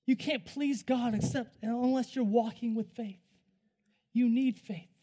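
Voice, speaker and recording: A man preaching and telling a personal testimony, going from hushed to loud and talking straight to his audience. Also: extremely high pitch, measured pace. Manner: animated, swings between hushed and loud; talks to the audience directly. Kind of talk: storytelling sermon.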